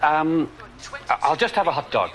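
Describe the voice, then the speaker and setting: An English comedian in a mockumentary scene, polite but indignant and prone to stammering. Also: male voice, a little high, big pitch swings, moderate pace, fairly bright tone.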